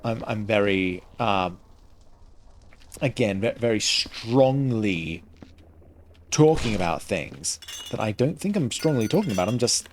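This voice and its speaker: A man giving casual gameplay commentary into a headset, pausing often to find the next word. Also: lowish voice, animated, a little hiss or hum. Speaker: gaming streamer.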